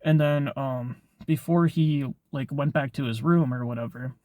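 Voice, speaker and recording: A man's voice: medium pitch, moderate pace, warm tone, no echo, studio quality. Rambling young man telling a story. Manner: rambling, heavy filler words and swearing. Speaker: vlogger. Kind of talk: casual storytelling.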